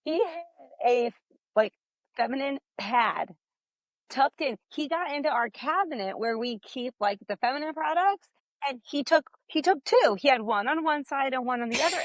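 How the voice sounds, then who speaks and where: A woman's voice: high-pitched, lively intonation, normal speed, no echo. A woman in her thirties, a teacher, mother and podcast co-host, casually telling funny stories and acting out what people said. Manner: storytelling, acts out quotes. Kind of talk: casual chat.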